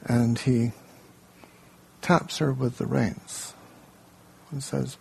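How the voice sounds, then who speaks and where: A man leading a workshop, telling a story in an unhurried way, then giving a group plain instructions in a room. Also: mid-range voice, fairly even intonation, gravelly, darkish tone, slight background noise. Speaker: workshop leader.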